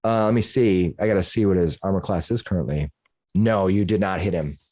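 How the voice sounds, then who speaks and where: A man's voice: low-pitched, a little fast, a little mellow. A man acting as dungeon master for a tabletop game, narrating the monsters' actions with relish.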